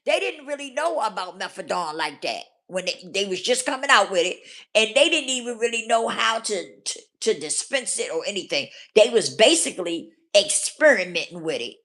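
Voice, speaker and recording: A woman speaks candidly to her viewers in a storytelling vlog, her pitch swinging high and low as she stresses each point. She is blunt and unfiltered, and she keeps checking in with her audience. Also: very animated, moderate pace, fairly bright tone. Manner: emphatic, talks straight to viewers with frequent 'okay?' and 'do you hear me?'; blunt and profane. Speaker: vlogger.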